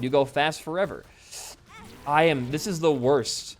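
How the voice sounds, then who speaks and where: Lively young man rambling over gameplay. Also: medium pitch, moderate pace. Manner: rambling, swears freely, jumps between story and game. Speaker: gaming YouTuber. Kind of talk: storytelling while playing a game.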